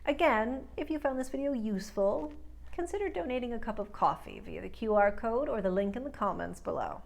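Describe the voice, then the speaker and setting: A woman speech coach teaching accent sounds, giving clear explanations and slowly modeling drill words. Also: on the high side, animated. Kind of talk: accent lesson.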